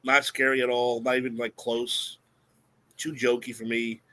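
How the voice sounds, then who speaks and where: A man co-hosts a casual film podcast. He sounds laid-back and gives his opinions bluntly. His voice sits at a medium pitch. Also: flat delivery, moderate pace, a bit bright. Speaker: podcast co-host. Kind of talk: casual chat.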